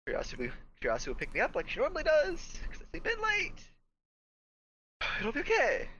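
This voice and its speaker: A woman's voice: high-pitched, wildly swooping pitch, fairly quick, a bit bright, lo-fi sound, slight background noise, voice pushed down, full character voice. A woman voicing a nervous, paranoid teenage boy who rambles and stammers. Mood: anxious.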